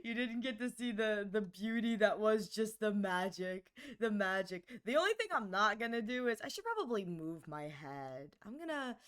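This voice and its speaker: A woman streaming live, chatting casually with her viewers in a bubbly, giggly, animated way. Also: medium pitch, moderate pace, hardly any pauses, clean tone.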